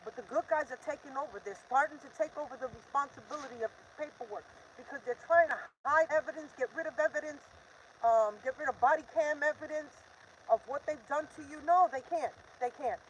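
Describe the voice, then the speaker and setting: A woman's voice: high voice, fairly quick, slight background noise, low-quality recording. An older woman hosting a live stream, talking in an urgent, defiant, repetitive rant. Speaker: livestream host.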